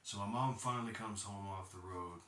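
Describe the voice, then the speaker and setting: A very low-pitched man in his thirties tells his own story in a blunt, profane way, heated at times. His voice has a bright, forceful edge. He sits some way from the mic in an echoey room. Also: normal speed. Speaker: podcast host. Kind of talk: personal storytelling monologue. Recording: roomy sound, distant from mic.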